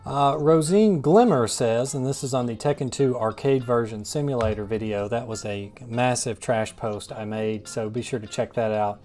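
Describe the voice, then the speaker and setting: A man's voice: medium pitch, normal speed, few pauses, a little mellow. A man hosting a gaming channel, reading viewer comments in a wry, rambling, self-deprecating way. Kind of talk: casual gameplay commentary.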